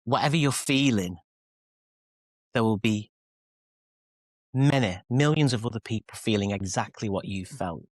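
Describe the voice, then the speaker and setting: Speaking a little slowly with long pauses, this man's voice sits on the low side, and there's no echo. He's a Mancunian pop singer and author from England in his forties, rambling through self-deprecating interview anecdotes with frequent restarts and performed quotes.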